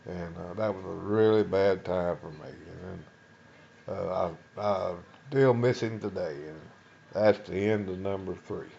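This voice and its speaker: An older man from Texas with a Texan accent, a veteran telling a personal war story in a folksy, halting way, full of uh's and restarts. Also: sits low, vocal fry, dark tone, muffled recording, a little hiss or hum. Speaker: Vietnam veteran.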